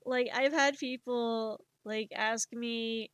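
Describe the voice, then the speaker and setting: Streamer woman, casual rambling chat, slightly high voice, dry close sound. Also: slow, clear, resonant tone, dry recording. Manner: rambling and candid, with frequent stammered restarts; self-mocking, animated when acting out inner dialogue. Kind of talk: casual chat while drawing on a live stream.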